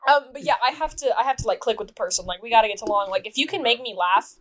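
High-voiced chatty woman guest. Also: rapid-fire, fairly bright tone. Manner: chatty and profane, heavy "like" filler. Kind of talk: casual podcast chat.

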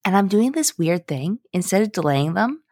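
A woman's voice: medium pitch, normal speed, no room sound. Chatty young woman, dry close sound. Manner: chatty, animated storytelling with frequent laughs. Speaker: podcast co-host. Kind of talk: casual chat.

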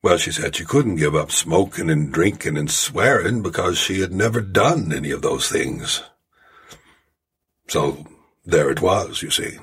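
A man doing an impression of a deadpan older male humorist in his seventies, with a Southern accent and slightly jerky phrasing. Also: low voice, measured pace, husky, exaggerated voice. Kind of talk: storytelling impression.

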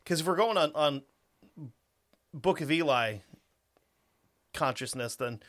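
Man with a bright, forward voice, co-hosting casually; quick profane jokes, self-deprecating. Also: on the high side, animated. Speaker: podcast co-host. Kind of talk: casual chat.

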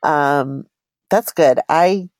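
Low-voiced woman reading her story aloud. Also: drawn-out words, darkish tone, dry recording. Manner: giggly, chatty storyteller.

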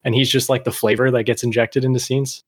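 A man's voice: mid-range voice, flat delivery, quick pace, slightly rough, no room sound, studio quality. A man co-hosting a casual podcast chat, laid-back and rambling, full of slang. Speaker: podcast co-host.

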